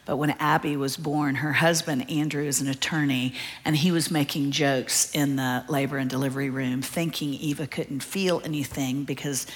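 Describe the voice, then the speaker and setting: A middle-aged woman, preaching a sermon and telling a story with lively, animated delivery. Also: a bass voice, normal speed, breathy edge. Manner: animated storyteller, acts out children's cries.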